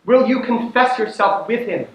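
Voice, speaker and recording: A teenage actor on a school stage playing a stern male judge who questions in a measured, commanding way. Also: very high voice, expressive, a bit bright. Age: late teens. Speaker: student actor. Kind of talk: stage acting in a school play. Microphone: distant camera in the audience. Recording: echoey hall from far off.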